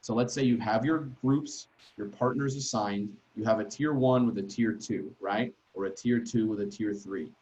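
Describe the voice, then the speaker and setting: A man training teachers in an online workshop, talking in a conversational, emphatic way and tagging sentences with quick questions to the group. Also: on the low side, a little mellow, highs cut off. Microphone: video call.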